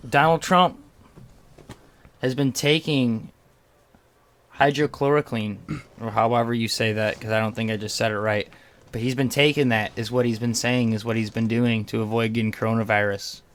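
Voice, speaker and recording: A man's voice: mid-range voice, steady tone, moderate pace. A man hosting a casual podcast, joking and rambling while reading out news headlines. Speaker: podcast host. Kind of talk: casual chat.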